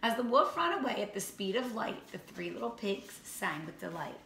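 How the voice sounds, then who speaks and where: Slow, bright-voiced woman teacher reading aloud. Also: mid-range voice, creaky. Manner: slow, expressive storybook reading. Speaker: first grade teacher. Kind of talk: reading a picture book aloud to children. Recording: roomy echo, faint ambient noise.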